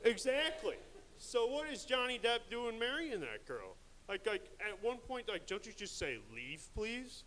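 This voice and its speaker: A man's voice: very high-pitched, big pitch swings, moderate pace, a bit bright, slight background noise, rough recording. A young man doing a crude, rambling stand-up set at a live open mic, mocking himself along the way.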